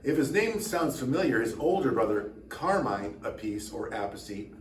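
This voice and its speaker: A tired man, a drummer who hosts his own channel, rambles to camera in a relaxed chat full of dry, self-mocking jokes. His medium-pitched voice moves at a moderate pace, and because the mic is far from him, the room adds a noticeable echo over a faint background hum.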